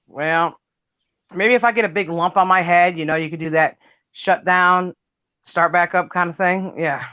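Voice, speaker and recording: A middle-aged woman with a loud, brash voice, chatting casually on a livestream, laughing and cussing freely. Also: on the low side, steady tone, normal speed, dry recording, muffled recording. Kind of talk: casual chat.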